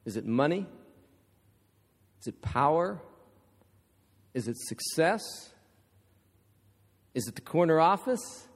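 High-voiced man preaching in a reverberant hall. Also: very animated, slow, long pauses. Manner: storytelling with rhetorical questions and humorous asides. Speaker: pastor. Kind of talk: sermon. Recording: long reverb of a large hall.

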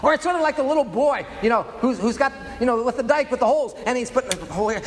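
A man with a strikingly high voice preaching a sermon. He uses slow, weighty pauses and rhetorical questions. His voice carries a long reverb, as in a big hall. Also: animated, slight background noise. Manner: dramatic preaching, rhetorical questions, sound effects. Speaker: pastor.

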